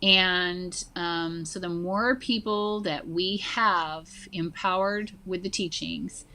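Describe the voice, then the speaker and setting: A woman in her forties, a guest telling stories in an animated way in casual conversation, with many fillers. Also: fairly low pitch, slow. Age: 40s. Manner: animated storyteller, many fillers like "like" and "you know". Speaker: guest, social emotional learning teacher.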